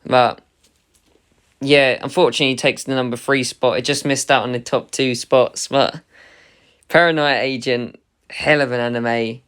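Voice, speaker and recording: A man's voice: medium pitch, steady tone, normal speed, a bit bright, clear, resonant tone. A man giving a casual, enthusiastic spoken review as an anime reviewer, in a chatty manner.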